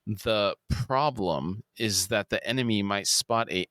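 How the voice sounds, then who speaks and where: A man's voice: fairly low pitch, unhurried, fairly bright tone, no echo, clean studio sound. A man reading aloud the curt, commanding lines of a blunt adult female military officer.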